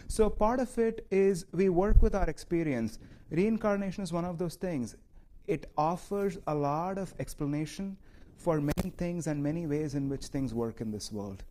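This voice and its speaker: A man teaching at a meditation center, giving a relaxed, conversational spiritual talk with audience questions, often laughing and saying "you know". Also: on the high side, normal speed.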